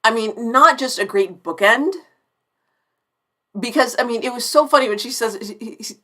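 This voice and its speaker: A woman's voice: on the high side, moderate pace, a bit bright. Gushing chatty woman around forty. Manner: effusive, chatty, restarts sentences often. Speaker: TV review streamer. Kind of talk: live-stream review chat.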